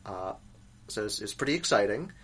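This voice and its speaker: A man's voice: fairly low pitch, expressive, normal speed, a bit bright. A man co-hosting a podcast in casual chat, joking and laughing often as he talks. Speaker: podcast co-host.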